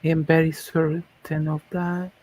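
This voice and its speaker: A player in a tabletop role-play game, speaking slowly and deliberately and asking many questions. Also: mid-range voice, level tone, a little mellow, dry recording, poor audio. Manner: slow, deliberate, asks questions.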